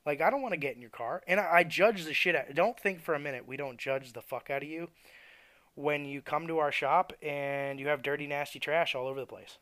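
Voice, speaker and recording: A man's voice: fairly high pitch, fairly quick, fairly bright tone, dry recording. Profane, ranting young man, dry close mic. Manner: profane, blunt, exasperated. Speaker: podcast host. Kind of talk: ranting monologue.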